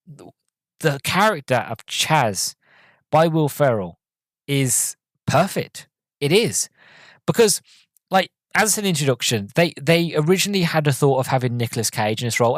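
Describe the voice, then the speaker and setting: A man's voice: mid-range voice, dry recording. A man hosting a casual solo review podcast, rambling and full of fillers. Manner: rambling, filler-heavy, frequent "sort of". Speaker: podcast host, film reviewer.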